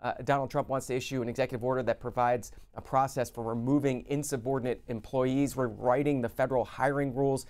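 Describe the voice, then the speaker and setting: Steady male news host reading headlines. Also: mid-range voice, fast, few pauses. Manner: steady, informative, reads quotes.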